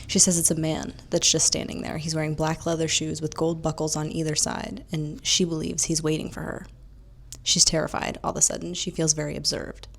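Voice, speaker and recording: A woman's voice: deep voice, level tone, brisk, gravelly. A woman casually retelling and commenting on a novel as a book reviewer, with asides.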